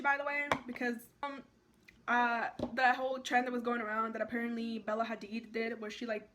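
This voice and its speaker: A young woman vlogging at home, chatting excitedly and rambling through a makeup tutorial with lots of likes and ums. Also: on the high side.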